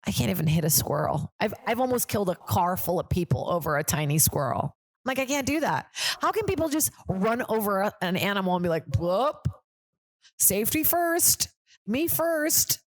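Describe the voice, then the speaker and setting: A woman's voice: mid-range voice, expressive, quick pace, no room sound. A woman hosting a comedy podcast, chatting casually in a rambling way, full of "like" and swearing. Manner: rambling, lots of "like", swears freely. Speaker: podcast host.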